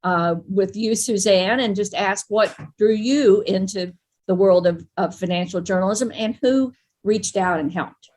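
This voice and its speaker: Older woman moderating a panel. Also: medium pitch. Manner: warm, halting, with many ums and uhs.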